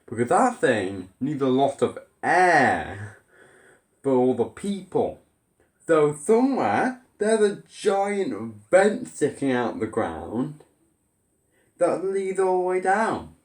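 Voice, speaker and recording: A man's voice: fairly high pitch, sing-song, slow, roomy sound. A man ranting in an exasperated, sarcastic way as a vlogger. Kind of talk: ranting commentary.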